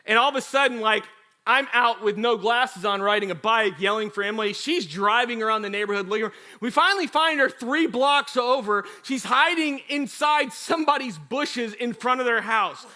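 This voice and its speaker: A man's voice: very high voice, normal speed. A man preaching a sermon as a pastor, telling a story in a chatty way, acting out quotes and talking straight to the congregation. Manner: animated storytelling with acted quotes; chatty, addresses the congregation directly.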